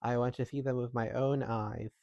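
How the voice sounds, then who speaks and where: Man voicing an old farmer father, gentle and fatherly, storybook tale, mid pitch, muffled lo-fi sound. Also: little pitch movement, normal speed, vocal fry, no echo, natural voice. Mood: judging.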